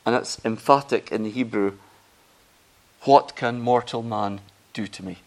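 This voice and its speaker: A man preaching a sermon, earnest and emphatic, rising in pitch and volume on key phrases. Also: measured pace.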